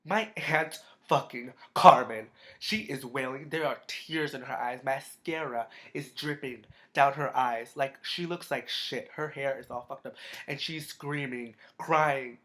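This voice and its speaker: A man's voice: mid-range voice, a little slow, a bit bright. A teenage boy telling a storytime vlog in casual chat, rambling, swearing a lot, his voice cracking. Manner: profane, rambling with constant fillers. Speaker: vlogger.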